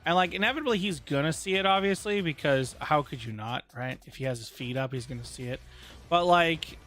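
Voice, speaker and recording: A man's voice: fairly high pitch, animated, fairly quick, fairly bright tone, faint music behind. A man streaming a game live, chatting casually to his viewers in a rambling way, full of joking asides. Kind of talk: casual gaming stream chat.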